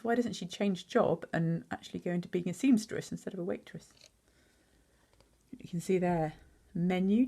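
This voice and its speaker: A woman teacher reading a picture book aloud, pausing to chat and quiz the listener on words. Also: medium pitch, darkish tone. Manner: chatty, asks the listener questions.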